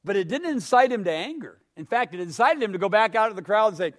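A male preacher with a high-pitched voice delivering a sermon full of rhetorical questions. He swings between near-whispered phrases and loud, emphatic bursts, slowing down to stress key words. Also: animated. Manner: dramatic, swings from hushed to loud; asks the listeners questions.

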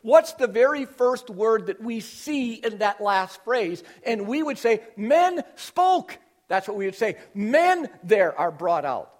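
A man preaching an expository sermon to his congregation, teaching with emphatic stresses that drop to quiet intensity. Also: sits high, animated, a little slow, hardly any pauses.

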